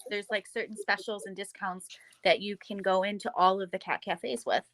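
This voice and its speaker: A woman's voice: medium pitch, fairly even intonation, moderate pace, fairly bright tone, no echo. A woman who owns a cat cafe, a guest on a podcast, talking in an upbeat, enthusiastic way. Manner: upbeat, enthusiastic, laughs easily. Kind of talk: casual podcast interview.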